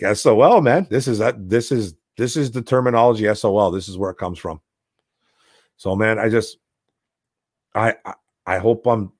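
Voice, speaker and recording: A man's voice: deep voice, no echo. Ranting man on a dry mic. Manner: heated, ranting, repeats "man" and "bro". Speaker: sports talk show host. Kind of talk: casual ranting sports talk.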